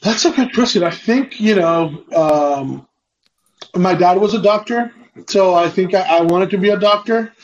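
An entrepreneur guest on a video call interview speaks casually in a high-pitched, unhurried voice, with many fillers and restarts. The audio is dull and lo-fi.

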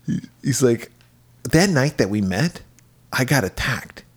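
A man's voice: mid-range voice, measured pace, breathy edge. A man co-hosting a podcast, casually retelling a horror film with lots of swearing and acted-out character lines. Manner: profane, animated, acts out the characters' lines. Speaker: podcast co-host. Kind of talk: casual chat recapping a movie.

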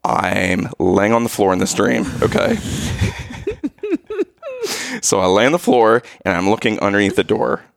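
A young man co-hosting a casual chat, telling a story in a lively, animated way and acting out his own yells. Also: lowish voice, a little slow, vocal fry, long pauses, no echo, studio quality.

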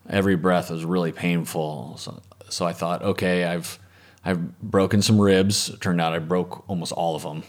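A man telling a personal story in an interview, calm and reflective, often letting his voice trail off softly. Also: low-pitched. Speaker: interviewee, former medic and lifeguard.

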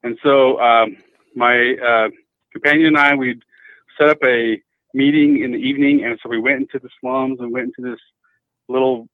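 A man's voice: medium pitch, fairly even intonation, normal speed, no echo. Male caller, hesitant storyteller on a phone line, dry sound. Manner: hesitant, many restarts. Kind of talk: telling a personal story.

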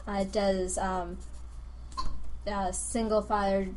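A woman's voice: medium pitch, little pitch movement, slow pace, darkish tone, recorded from a distance, a little hiss or hum. A woman playing a tabletop role-playing game, matter-of-fact with a dry wit. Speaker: player. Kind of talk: casual tabletop game chat.

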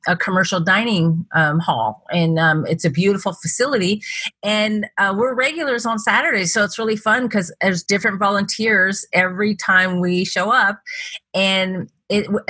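A middle-aged woman, a motivational speaker giving an interview, telling stories in a conversational way and acting out the lines she quotes in a higher voice. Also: sharp tone, dry recording. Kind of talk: conversational storytelling. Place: Las Vegas.

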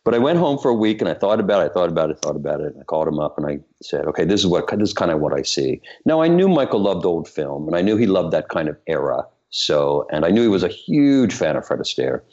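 Deep-voiced man telling an animated story. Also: fast, hardly any pauses. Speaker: guest choreographer and director. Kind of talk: storytelling interview. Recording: muffled lo-fi sound.

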